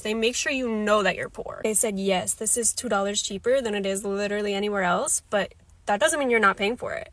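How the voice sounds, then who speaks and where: A woman's voice: mid-range voice, a little fast, fairly bright tone, dry recording. A woman complaining in a phone video, exasperated and sarcastic.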